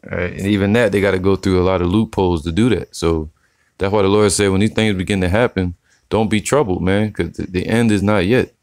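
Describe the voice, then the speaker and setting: A man giving casual, slangy religious commentary, reading scripture slowly and tagging his sentences with "man". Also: sits low, steady tone, darkish tone, no echo, clean studio sound. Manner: slangy, profane, preachy, says "man" often; slow deliberate scripture reading.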